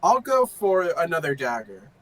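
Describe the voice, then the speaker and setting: A man's voice: on the high side, sing-song, moderate pace, poor audio. A man playing in a tabletop role-playing game, talking casually and joking, with hesitant fillers. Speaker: player.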